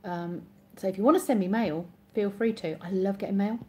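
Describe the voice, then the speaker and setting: This Oxfordshire woman with an English accent is chatting casually on a live stream, reading out viewer comments and answering them in a rambling way, correcting herself as she goes. Her medium-pitched voice is warm and a little fast, with slight hiss or hum.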